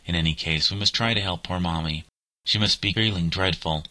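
An earnest, burdened schoolgirl who scolds and then steadies her younger brother, read by a man. The voice stays very deep and forceful, with a dry, close sound. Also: fairly quick, no room sound. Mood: steadying. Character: diligent, burdened schoolgirl, older sister.

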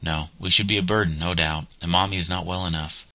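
An earnest, burdened schoolgirl who scolds and then steadies her younger brother, read by a man. The voice stays very deep and forceful, with a dry, close sound. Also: fairly even intonation, fast, no room sound. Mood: sad. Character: diligent, burdened schoolgirl, older sister.

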